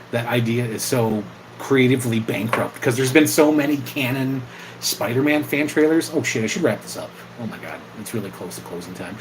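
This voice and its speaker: A young man hosting an impromptu livestream, chatting casually, swearing freely and bursting into loud yells. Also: mid-range voice, lively intonation, a little fast, a little hiss or hum, low-quality recording. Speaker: livestream host.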